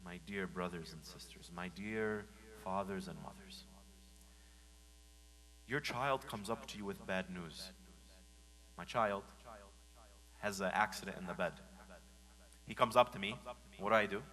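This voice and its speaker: A man preaching a Friday sermon in a mosque. He moves from hushed, gentle lines to loud, acted-out scolding. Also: deep voice, unhurried, pauses often, poor audio. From United States. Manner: animated, swings from hushed to shouting when acting out scolding.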